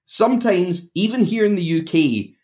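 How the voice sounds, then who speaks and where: A man with a Glaswegian Scottish accent, co-hosting a film podcast in casual chat, talking in an animated, self-interrupting way and laughing often. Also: sits high, moderate pace. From Glasgow, Scotland. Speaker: podcast co-host discussing films.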